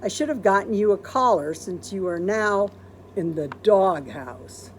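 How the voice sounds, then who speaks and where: A woman reading as a brisk, wry wife. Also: mid-range voice, animated, slight background noise, close to an everyday voice. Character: brisk, witty middle-aged wife, Missus Rogers.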